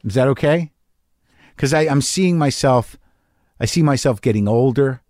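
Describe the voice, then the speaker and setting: A man's voice: mid-range voice, normal speed, darkish tone, no echo, clean studio sound. Rambling profane man in his fifties. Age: 50s. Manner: rambling, self-deprecating, profane. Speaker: podcast host. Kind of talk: candid monologue. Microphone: studio mic in a home garage.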